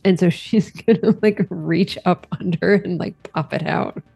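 Slow-talking woman player. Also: on the low side, creaky, mellow, slightly rough, no echo, soft background music. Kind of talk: casual tabletop play.

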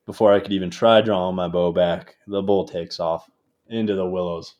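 A young man telling a hunting story in casual talk, animated and laughing as he goes. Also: on the low side, normal speed, highs cut off. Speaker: guest, game call maker.

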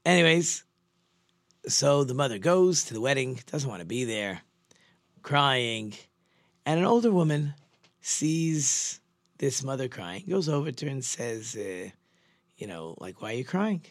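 A man's voice: medium pitch, animated, a little slow, long pauses, no room sound, clean studio sound. A man teaching as a religious teacher, telling a story in an earnest, conversational way with frequent restarts. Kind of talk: storytelling sermon.

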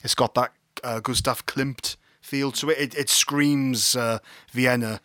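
A man's voice: mid-range voice, fairly even intonation, unhurried, fairly bright tone, dry recording, studio quality. A man from England co-hosting a casual film discussion, rambling and wry, often correcting himself mid-sentence. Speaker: film podcast co-host.

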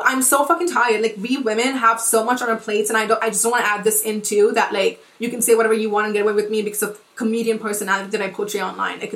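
Fast-talking young woman ranting heatedly. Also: a little high, a bit bright, far from the mic. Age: 20s. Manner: fast, profane, emphatic, many likes and restarts. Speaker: podcast host and influencer. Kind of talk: heated casual rant. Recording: roomy echo.

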